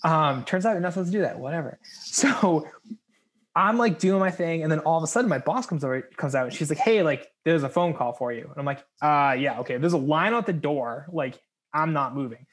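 A young man in his twenties tells a story on a podcast, laughing often and acting out the other people's voices. His voice sits a bit higher than most men's, and his talk is loose and full of fillers. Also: brisk. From United States. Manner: animated, laughing, acts out quoted voices. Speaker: podcast co-host. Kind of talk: casual storytelling chat.

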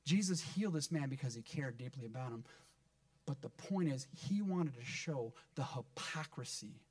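A man preaching a sermon to his church, animated, acting out the people he quotes and swinging between loud emphatic lines and hushed ones. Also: mid-range voice, normal speed, no echo. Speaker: pastor.

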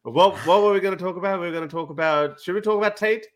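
Teasing, animated male podcast co-host. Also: high voice, fast. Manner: animated storyteller, acts out quotes, teasing. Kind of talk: casual group chat.

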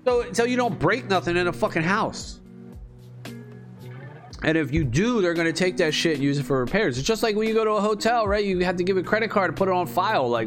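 Man, higher-pitched, casual profane rant, rambling and emphatic, soft music underneath. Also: animated, fairly quick.

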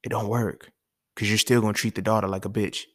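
A man's voice: on the low side, little pitch movement, fairly quick, no echo, studio quality. A man talking casually and emphatically, with profanity and speech, hosting a solo podcast. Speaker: podcast host.

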